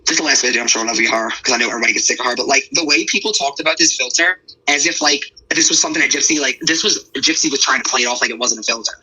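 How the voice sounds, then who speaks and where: A man's voice: medium pitch, very fast, few pauses, bright, forceful tone, breathy edge, rough recording. A man giving rambling, blunt, profane casual commentary to an online audience.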